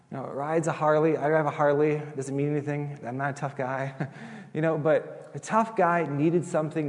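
A middle-aged male pastor preaches in a loose, conversational way and acts out the people in his stories. His voice sits a little high, and a long reverb trails behind him in a big hall. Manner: animated, chatty, acts out quoted voices. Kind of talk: sermon storytelling.

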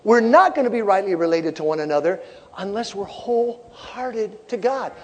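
A middle-aged male pastor preaching a sermon with fervent, shouted peaks and repeated phrases in a large church sanctuary. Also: high voice, expressive, moderate pace. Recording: long hall reverb.

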